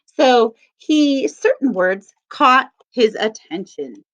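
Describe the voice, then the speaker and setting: Slow sing-song woman teacher reading aloud. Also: a little high, very animated, a bit bright. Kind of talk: read-aloud lesson for children. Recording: dull lo-fi sound.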